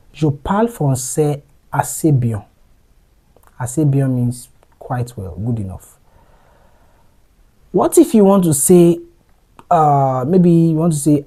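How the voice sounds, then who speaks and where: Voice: mid-range voice, warm tone, breathy edge, poor audio. A French teacher giving a patient language lesson, explaining step by step and repeating each phrase.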